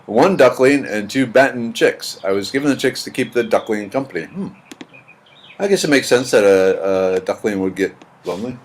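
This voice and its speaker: A man's voice: mid-range voice, animated, normal speed. A man hosting a casual live stream at home, greeting viewers by name and rambling with dry jokes into his computer's built-in mic. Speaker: live stream host reading chat. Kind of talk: casual chat. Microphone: computer's built-in mic, not his usual one.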